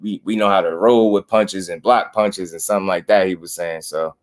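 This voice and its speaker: A man's voice: low-pitched, steady tone, brisk. A man hosting a boxing channel live stream, chatting casually with slangy, laid-back talk and greeting viewers.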